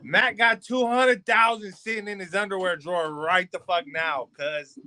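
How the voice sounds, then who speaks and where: A man's voice: high-pitched, moderate pace. A man, co-hosting a podcast, telling profane stories and acting out every quote. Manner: profane, animated, acts out quotes. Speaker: podcast co-host. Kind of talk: casual storytelling among friends.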